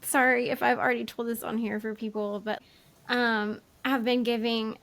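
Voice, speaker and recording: A woman's voice: on the high side, little pitch movement, moderate pace, fairly bright tone. A woman, a podcast host from Arkansas, chatting in a rambling, giggly way with lots of fillers. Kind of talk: casual chat.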